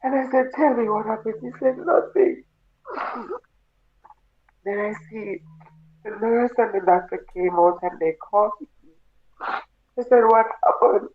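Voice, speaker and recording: A Jamaican woman, a grieving mother, telling her story in a halting, tearful way and repeating her words. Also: on the high side. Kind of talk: emotional personal testimony. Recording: tinny phone-like sound.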